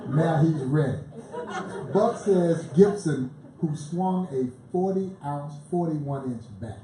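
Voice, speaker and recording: Guy spinning baseball yarns on stage, kinda high mellow voice, big echoey room. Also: slow. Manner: animated storyteller who chuckles through his tales. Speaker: baseball museum president, panel guest. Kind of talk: lively anecdotal storytelling on stage. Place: live event in a bar venue. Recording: echoey live venue, faint background noise.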